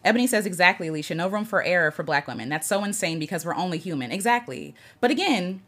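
A woman from the United States talks earnestly on a casual livestream from home, her voice sitting a little low. Her pitch swings freely as she greets viewers and reads their comments aloud. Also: expressive, quick pace, fairly bright tone. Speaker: livestream host. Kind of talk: casual impromptu livestream chat.

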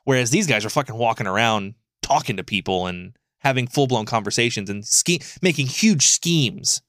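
A man on a casual podcast, chatting in a loose, rambling and animated way, tripping over fillers and dropping swear words. His voice sits at an ordinary middle pitch, and it is recorded close and dry with almost no room sound. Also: moderate pace, dry recording. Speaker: podcast co-host.

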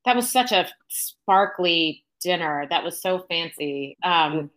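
A middle-aged woman, a Broadway actress, chatting as a guest and telling lively stories with easy laughter. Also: fairly low pitch, slow, rough recording. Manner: animated, storytelling, laughs easily. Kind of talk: casual interview chat.

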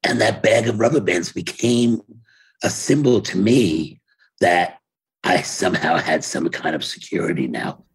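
Older new york guy, super low gravelly voice, rambling and wry over a video call. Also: unhurried, low-quality recording. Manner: rambling, self-interrupting, wry. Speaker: interview guest, playwright and actor. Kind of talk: casual storytelling. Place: home office.

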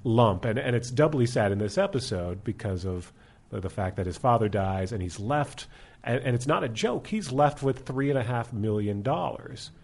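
A man in casual chat, talking thoughtfully with drawn-out phrases and lots of fillers. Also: mid-range voice, expressive, creaky, a little mellow.

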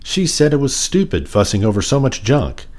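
A man reading a children's picture book aloud in an expressive, sing-song way. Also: mid-range voice, normal speed. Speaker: storyteller.

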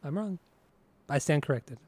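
A man's voice: on the high side, expressive, moderate pace, a little mellow. A young man hosting a podcast in casual chat, laid-back and teasing, often chuckling. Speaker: podcast host.

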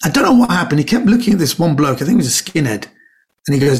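Lively man telling animated stories. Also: fairly high pitch, very fast. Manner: lively storyteller who acts out quoted voices. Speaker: comedian guest.

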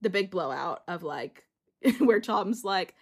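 A woman's voice: lowish voice, animated, slow. A woman co-hosting a podcast, chatting casually and giggling as she recaps a reality show and acts out quotes in voices. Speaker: podcast co-host.

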